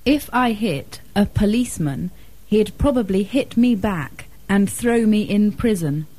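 A woman's voice: mid-range voice, lively intonation, warm tone, breathy edge, no echo, poor audio. A woman answering a teacher's questions in full textbook sentences during a language drill. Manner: slow, careful, textbook answering.

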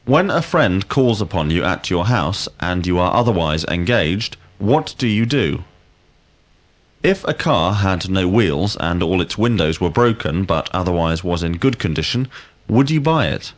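Slow, deliberate male teacher. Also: low voice, sing-song. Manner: slow, deliberate, clearly enunciated questions. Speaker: language teacher. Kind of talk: scripted drill lesson.

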